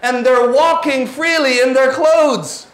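A man's voice: very high-pitched, slow pace, roomy sound. A man voicing a proud, angry ancient king who exclaims in disbelief. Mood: astonished.

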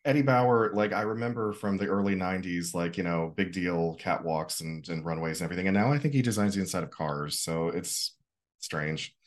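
A man co-hosting a podcast, chatting in a rambling, animated way. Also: low-pitched, a little fast. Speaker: podcast co-host. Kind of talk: casual chat.

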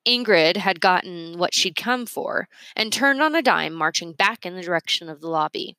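A woman reading a children's storybook aloud with expressive, animated narration. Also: on the low side, moderate pace, few pauses, no echo.

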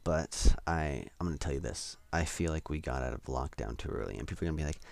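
A man's voice: very deep voice, fast talker, creaky, hardly any pauses, darkish tone. A young man hosting a solo podcast, rambling and self-deprecating with lots of hesitations. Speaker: podcast host.

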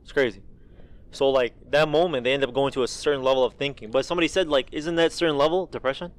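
Fast-talking young man, profane and rambling. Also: medium pitch. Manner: rambling, profane storytelling with animated quoted voices. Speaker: podcast co-host. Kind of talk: casual chat.

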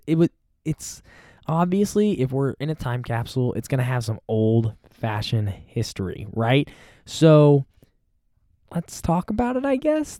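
A man's voice: on the high side, dark tone, no echo, studio quality. A man hosting a podcast, talking on his own in a chatty, playful way and joking about himself. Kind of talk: casual solo talk.

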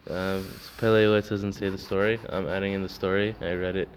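A deep-voiced man speaks a little fast with little pitch movement. He teaches a casual Torah class, telling filler-heavy stories and acting out their characters. The recording is dull and lo-fi, with faint noise.

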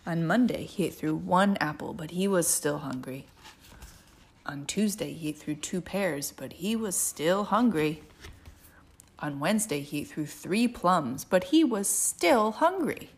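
A woman reading picture books aloud to a toddler in a playful, sing-song way, sometimes dropping to a hush. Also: low voice, measured pace, slightly rough. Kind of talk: animated picture-book read-aloud.

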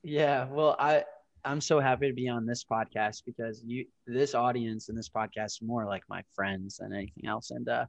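A man in his twenties talks as a podcast guest, spinning fast, animated stories and acting out what others said. He swears freely and leans into the punchlines. The recording is dry and close. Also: mid-range voice, creaky, dry recording. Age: 20s. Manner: animated, profane, storytelling with acted-out quotes. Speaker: podcast guest, startup founder. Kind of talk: casual storytelling interview.

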